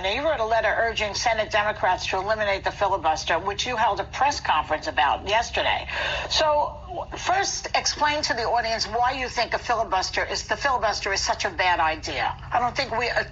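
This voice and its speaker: A woman's voice: medium pitch, expressive, fairly quick, fairly bright tone, slight background noise. A woman interviewer welcoming a guest and asking questions in a friendly, eager manner. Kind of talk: broadcast interview. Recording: dull lo-fi clip with faint ambience.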